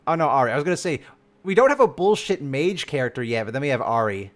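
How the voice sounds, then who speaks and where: In a mid-range voice at a quick pace, a male streamer reacts live to game content, chatting casually. He gets excitable, curses freely, and keeps trailing off and restarting.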